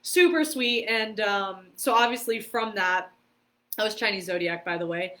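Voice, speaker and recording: A woman guest on a podcast, telling stories in a lively, casual way, laughing often and using many fillers. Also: medium pitch, normal speed. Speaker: podcast guest, karate competitor and stunt performer. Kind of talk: casual storytelling interview.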